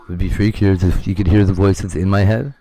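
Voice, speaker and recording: A man's voice: low voice, steady tone, fast, mellow, soft background music. A man chatting casually on a livestream, rambling and candid, swearing freely. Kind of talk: casual chat.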